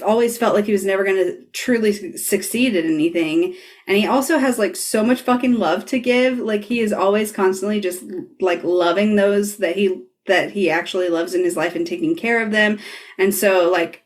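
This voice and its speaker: A woman's voice: medium pitch, moderate pace. A woman hosting a podcast, retelling a scene in casual talk, laughing often and swearing freely. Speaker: podcast host.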